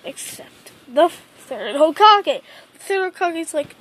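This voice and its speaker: A woman's voice: extremely high pitch, very animated, takes it slowly, fairly bright tone. A woman casually retelling a fan-made story, rambling and repeating herself, with lots of "like". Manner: rambling, repetitive, says "like" often.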